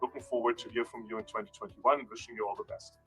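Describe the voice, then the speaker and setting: A male industry analyst presents a segment as a playful explanatory monologue, his voice bright, on the low side, and fast. He's animated and teasing, repeating words to correct pronunciation. The audio quality is poor.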